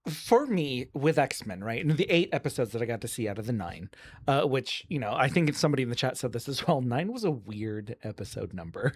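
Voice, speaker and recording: A podcast co-host in casual chat, thinking aloud with a lively delivery. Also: mid-range voice, a little fast, husky.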